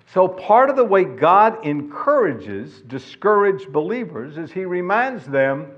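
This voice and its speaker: Slow, lively-voiced preacher man. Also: high voice. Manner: emphatic, asks the congregation questions. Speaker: pastor. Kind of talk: sermon. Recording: dull lo-fi sound.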